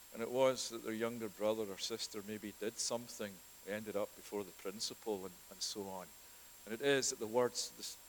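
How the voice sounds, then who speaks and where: A man preaching a sermon, telling scripture stories earnestly, rising loud and dropping to near whispers. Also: fairly low pitch, a little hiss or hum, rough recording. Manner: earnest, storytelling with dramatic shifts in volume.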